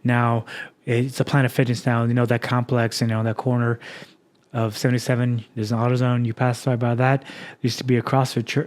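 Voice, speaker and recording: A man's voice: mid-range voice, level tone, brisk. A young man hosting a podcast, talking candidly and at length about his own life, rambling with many fillers and restarts. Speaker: podcast host. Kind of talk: reflective personal podcast monologue.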